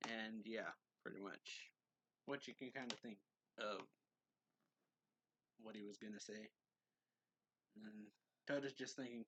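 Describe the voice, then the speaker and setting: A man's voice: on the low side, fairly even intonation, a little slow, pauses often, a bit bright, slightly rough. Man casually recapping a manga. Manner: reads quotes in a slightly raised voice, laughs often. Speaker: manga reviewer. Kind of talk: casual recap reading out lines.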